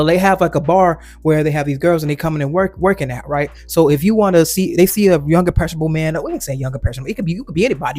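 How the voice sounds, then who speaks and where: A man's voice: on the high side, darkish tone, no echo. A man hosting his own channel, giving a casual opinion monologue that rambles with frequent restarts and quoted asides. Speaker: commentary channel host.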